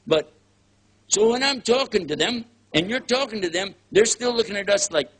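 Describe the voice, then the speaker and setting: Older Texan male preacher, folksy and joking, acts out quoted voices; husky, a touch high. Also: expressive, moderate pace, fairly bright tone. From Texas, USA. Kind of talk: casual lecture.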